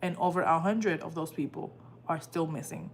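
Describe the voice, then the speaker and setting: A woman's voice: sits low, moderate pace, a little hiss or hum. A woman hosting a live stream from home, telling a story in a casual, emotional way and acting out what people said. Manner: animated, emotional retelling that acts out quoted dialogue. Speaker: livestream host.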